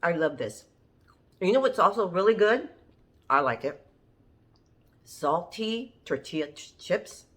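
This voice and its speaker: This cooking channel host is very animated, with a low-leaning, fairly bright voice, a measured pace, and frequent pauses. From her home kitchen she chats through a recipe step by step, homey and casual, and often laughs at herself.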